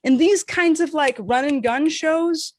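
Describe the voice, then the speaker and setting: A woman podcast co-host telling a casual, animated story, swearing freely and acting out what people said. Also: unhurried, no echo, clean studio sound. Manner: animated, profane, acts out quotes with big pitch swings.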